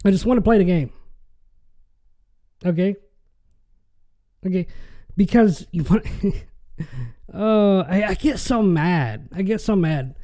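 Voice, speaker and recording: A man's voice: sits high, animated, slow pace, long pauses, mellow. A young man hosting a podcast, ranting in an exasperated way, swearing and tripping over his words. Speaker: podcast host.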